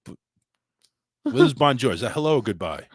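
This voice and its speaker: Man, radio host, crude joking, very swinging pitch, dry studio sound. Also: brisk, husky, no room sound. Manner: playful, crude, teasing, very lively pitch. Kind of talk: crude comedic chat.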